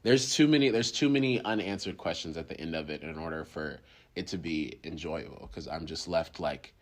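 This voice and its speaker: A man hosting a podcast, chatting casually about a film, halting and restarting, laughing often. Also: low voice. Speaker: podcast host. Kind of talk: casual film review chat.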